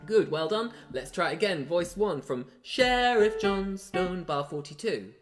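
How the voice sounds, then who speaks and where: A man leads a choir rehearsal from home, talking the singers through the parts and then singing each phrase for them to repeat. Guitar plays clearly behind him, and he speaks at an unhurried pace. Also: high voice, expressive. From South London. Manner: talks, then demonstrates sung lines. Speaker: choir leader. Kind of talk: online singing lesson.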